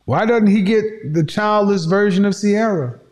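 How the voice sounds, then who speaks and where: A man's voice: sits high, unhurried, darkish tone, faint music behind. A man talking to his audience in an emphatic, preachy commentary, repeating his points for effect. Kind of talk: opinionated commentary monologue.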